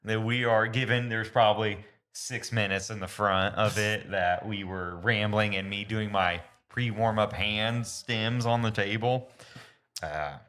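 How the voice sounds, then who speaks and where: A man with a Midwestern accent and a very low, deep voice talks with a friend on a podcast. He is loose and joking, laughs a lot and swears casually. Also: steady tone, measured pace, a bit bright, smooth. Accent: Midwestern American. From Indiana. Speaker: podcast co-host.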